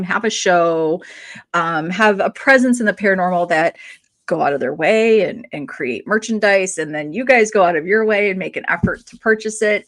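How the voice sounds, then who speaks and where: A woman co-hosting a live stream, chatting casually and greeting viewers by name in a bubbly way. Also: mid-range voice. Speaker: co-host.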